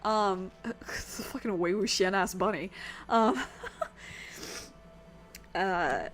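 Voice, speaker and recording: Chatty woman streamer with a rough throat. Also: mid-range voice, very slow, a bit bright, soft background music. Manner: chatty, rambling, swears casually. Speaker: game streamer. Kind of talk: casual chat while streaming a game.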